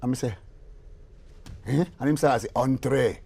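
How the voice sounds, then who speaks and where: A mid-range, slightly rough voice with vocal fry belongs to an older Jamaican musician and producer speaking at a moderate pace. As a guest in a casual interview, he tells animated stories and performs the voices in them.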